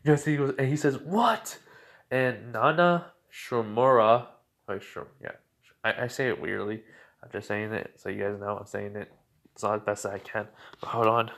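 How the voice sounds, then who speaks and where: A man's voice: on the low side, steady tone, fairly quick, vocal fry, fairly bright tone. A man casually telling a fan story aloud, rambling with lots of fillers. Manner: rambling, many fillers and restarts.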